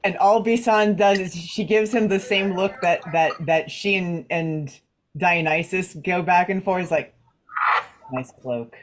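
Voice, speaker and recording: A woman's voice: fairly low pitch, fairly even intonation, unhurried. A woman playing a tabletop game who describes her character's actions casually. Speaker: player.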